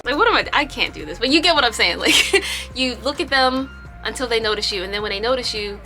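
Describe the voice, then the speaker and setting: A woman telling a storytime on her home vlog, chatty and animated. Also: a little high, quick pace, over loud music. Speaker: vlogger.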